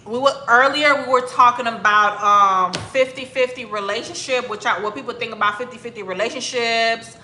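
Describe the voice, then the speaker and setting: A woman's voice: on the high side, moderate pace, hardly any pauses, sharp tone, slight background noise. A woman from Miami casually chatting with viewers on a livestream, greeting them by name and drawing out her words. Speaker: livestream host. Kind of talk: casual livestream chat reading comments. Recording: echoey room.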